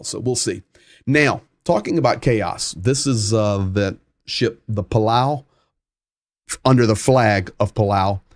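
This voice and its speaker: A man's voice: mid-range voice, darkish tone, dry recording, studio quality. A man hosting a live war update stream, translating clips and stressing points by repeating himself. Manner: emphatic, repeats phrases for stress.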